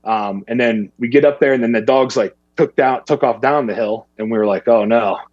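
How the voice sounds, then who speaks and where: A man's voice: mid-range voice, fairly quick, no echo, highs cut off. A man, casually telling a hunting story and acting out what people said to him. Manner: animated, acts out other people's lines in a raised voice.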